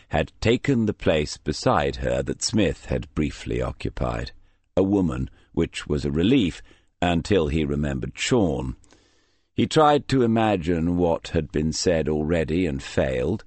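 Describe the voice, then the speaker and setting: Very deep-voiced male audiobook narrator. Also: no echo. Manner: measured, dry storytelling. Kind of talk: scripted narration.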